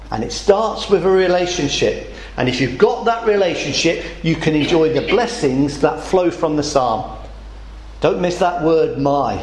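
A man's voice: fairly high pitch, lively intonation, normal speed, darkish tone, slight background noise. A man preaching a sermon in a conversational way, asking the congregation questions. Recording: echoey church room.

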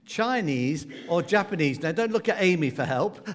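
A man's voice: high voice, expressive, normal speed, hardly any pauses. A man leading a family church gathering, playfully running a quiz and coaxing children to raise their hands. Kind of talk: lively talk to a family congregation.

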